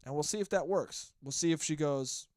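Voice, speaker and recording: A slightly high male voice at a moderate pace carries this casual solo podcast monologue. The host, a man in his twenties, rambles through an animated, profane rant, captured in clean studio sound without room noise.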